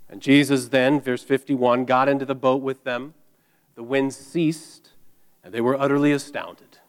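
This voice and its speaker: A man preaching a sermon, emphatic, building through repeated phrases and dramatic pauses. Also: mid-range voice, fairly even intonation, clean tone. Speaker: pastor.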